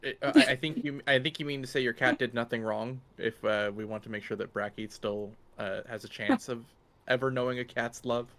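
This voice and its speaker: A man player in casual tabletop chat, always joking. He hesitates and stumbles a little as he talks, at a mid pitch. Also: fairly even intonation, fairly quick, a bit bright.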